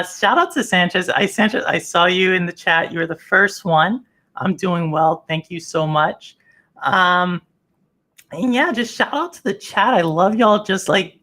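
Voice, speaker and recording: Bright-voiced upbeat man hosting a livestream. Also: high-pitched. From Texas. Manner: upbeat, joking, shouts out the chat. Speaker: podcast host. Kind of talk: casual livestream chat.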